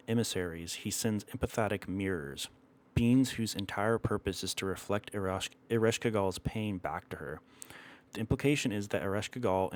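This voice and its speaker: Low-voiced man telling an old myth. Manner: measured, dramatic, with self-corrections. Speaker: storyteller. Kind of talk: storytelling narration of a myth.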